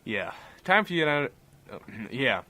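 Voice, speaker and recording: A man's voice: medium pitch, big pitch swings, a little slow, bright, forceful tone, exaggerated voice. A man playing a mumbling laid-back Jesus. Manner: casual, mumbling, fumbles lines. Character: laid-back Jesus greeting a new arrival. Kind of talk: rough comedy sketch.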